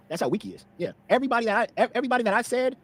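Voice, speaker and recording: A man taunting someone in a stream clip, heckling and mocking with hard emphasis. He talks quickly, in a high voice that jumps all over the place. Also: expressive, a bit bright. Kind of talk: taunting livestream callout.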